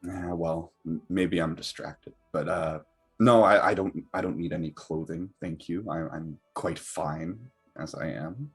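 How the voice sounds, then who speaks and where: A man's voice: sits low, steady tone, measured pace, husky, faint music behind, exaggerated voice. A man doing a jumpy, secretive stranger. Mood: curt. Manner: stammering, stiffly formal, curt. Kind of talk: tabletop role-play.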